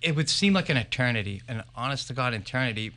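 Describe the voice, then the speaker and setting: A man being interviewed as a paranormal investigator on a live podcast, telling his stories in an animated, emphatic way. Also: mid-range voice, fast.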